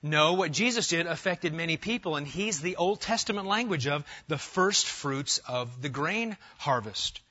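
A middle-aged man preaching an expository sermon, lively and conversational, asking the congregation questions. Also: on the high side, moderate pace, few pauses, muffled recording. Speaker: pastor.

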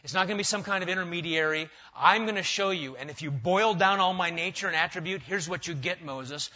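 A man preaching a sermon, emphatic, swinging from loud stressed words to quiet asides. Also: high voice, fairly quick. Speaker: pastor. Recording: dull lo-fi sound.

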